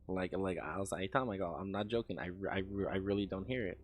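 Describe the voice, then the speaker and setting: A man's voice: low-pitched, fast talker, hardly any pauses. A young man casually telling a rambling story while editing video, swearing often and restarting his sentences. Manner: rambling, profane, with many restarts.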